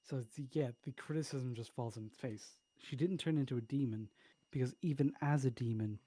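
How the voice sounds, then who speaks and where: Blunt Irish man, mellow voice. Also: mid-range voice, fairly quick, no echo. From Ireland. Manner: blunt, swears freely, argumentative. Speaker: podcast co-host. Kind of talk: casual chat.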